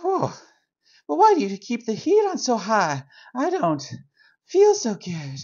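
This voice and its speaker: A man voicing an eager, boastful young teen boy in a squeaky high voice for a comedic toy play. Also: huge pitch swings, a little slow, a little mellow, lo-fi sound, exaggerated voice.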